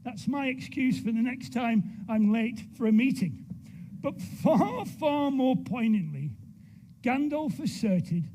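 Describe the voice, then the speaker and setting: British man addressing a graduation ceremony, very high voice that swings widely, playful and animated. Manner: animated, playful, measured oratory. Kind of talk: ceremonial speech with jokes. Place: large ceremony hall with audience.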